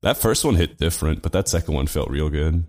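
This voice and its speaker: A man's voice: a bass voice, fairly quick, crowd noise. A man on a casual podcast, exasperated and mocking, swearing at his friends. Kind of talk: casual chat.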